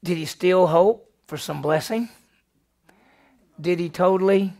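Pastor, man, middle-aged, gravelly and a touch high, animated Bible-class teacher who quizzes his listeners. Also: measured pace. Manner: animated, fires questions at the class and answers them. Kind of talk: Bible study lesson.

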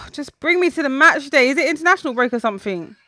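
A young woman reacting out loud while playing a football video game, shouting, groaning and talking to people in the room. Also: high voice, lively intonation, quick pace, no room sound. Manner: talks back to people in the room. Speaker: gaming YouTuber.

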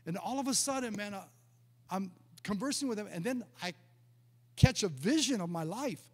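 High-voiced pastor telling his testimony. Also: animated, moderate pace, a little mellow, breathy edge. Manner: emphatic, vivid testimony with acted-out dialogue. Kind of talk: storytelling sermon. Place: church sanctuary. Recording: long hall reverb.

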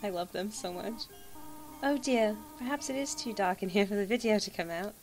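A woman's voice: mid-range voice, normal speed, soft background music, rough recording. A woman hosting a let's-play, chatting casually and giggling between lines. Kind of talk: casual gaming commentary.

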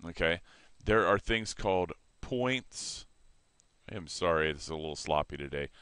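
Deep-voiced man teaching math casually. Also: moderate pace, smooth, no echo. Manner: relaxed, self-correcting, explains while sketching. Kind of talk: informal math lesson.

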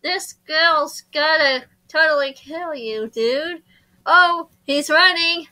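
A woman's voice: high-pitched, slow pace, sharp tone, full character voice, low-quality recording. A woman doing a cocky young hero guy. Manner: boastful, laughing. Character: brash young male hero, loud and cocky.

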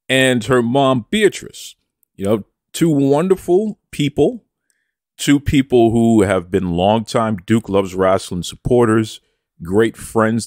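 A man's voice: mid-range voice, dry recording, studio quality. A man hosting a wrestling podcast, talking with playful promo bravado and calling himself by name in the third person. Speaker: podcast host. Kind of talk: casual podcast chat.

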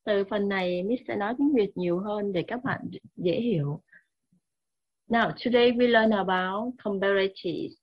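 A woman with a Vietnamese accent teaching English grammar slowly and repeating key words. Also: mid-range voice, dull audio. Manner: slow, repetitive, mixes languages. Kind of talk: classroom grammar lesson.

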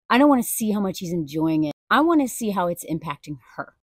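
A woman's voice: on the low side, no echo, clean studio sound. A woman talking earnestly and emotionally in a personal video commentary, speaking casually and addressing viewers directly. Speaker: video creator.

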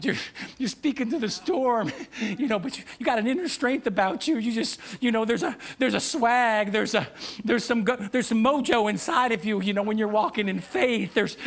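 A male pastor preaching a sermon to a church congregation, animated and often breaking into shouts. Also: very high-pitched. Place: church sanctuary with live audience.

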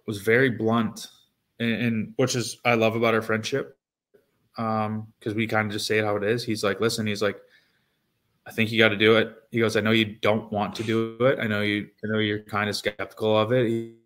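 A man in his thirties talks casually as an interview guest. His voice sits low, and he loops back through "um"s and restarts as he tells his story. He keeps his delivery fairly flat. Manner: rambling with many fillers and restarts. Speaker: guest, former pro hockey player.

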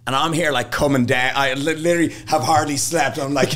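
A man's voice: on the high side, brisk. A young man, a podcast guest, telling stories casually and laughing often as he acts out what others said. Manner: laughs often, animated storytelling with put-on quotes. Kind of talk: casual storytelling.

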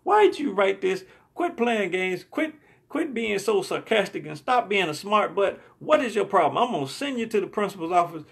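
A man's voice: sits high, very animated, normal speed, vocal fry, husky, voice pushed up, exaggerated voice. A man voicing a stern female schoolteacher scolding a pupil, exasperated and fed up.

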